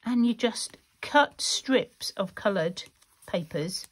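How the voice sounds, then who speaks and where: A woman's voice: medium pitch, animated, takes it slowly, breathy edge. A woman chatting casually through a craft tutorial, rambling and laughing often as she works. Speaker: craft vlogger.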